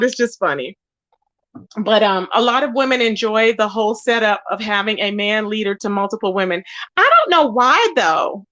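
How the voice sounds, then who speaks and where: High-voiced chatty woman, dry close mic. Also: lively intonation, moderate pace, fairly bright tone, dry recording, dull audio. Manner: chatty and blunt, greets viewers by name. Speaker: host of a live commentary stream. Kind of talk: casual live-stream chat.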